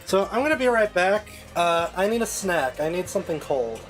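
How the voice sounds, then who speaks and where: A man's voice: high-pitched, big pitch swings, moderate pace, a bit bright, faint music behind. A man streaming a game, chatting casually with viewers and rambling with many fillers and restarts at a home desk mic.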